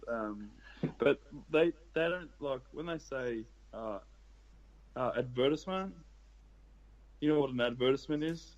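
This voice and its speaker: A man's voice: medium pitch, unhurried, long pauses, lo-fi sound. A young adult man with an Australian accent, chatting as a podcast guest in a laid-back, rambling way with plenty of swearing. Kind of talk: casual chat.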